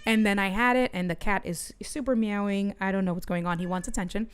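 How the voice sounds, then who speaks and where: A middle-aged woman streaming from her home studio, telling a story in an animated way and talking to her chat. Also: medium pitch, a little fast, clear, resonant tone. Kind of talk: casual livestream chat.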